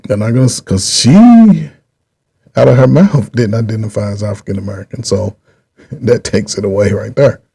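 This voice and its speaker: A middle-aged man hosting his own channel, giving rambling casual commentary, repeating himself with drawn-out pauses. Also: lowish voice, flat delivery, gravelly, warm tone, slightly rough. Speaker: channel host.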